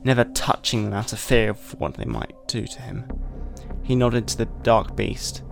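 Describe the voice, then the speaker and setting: A man hosting a podcast, giving a measured, deliberate dramatic reading of a short story. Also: on the low side, sing-song, creaky, faint music behind. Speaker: podcast host.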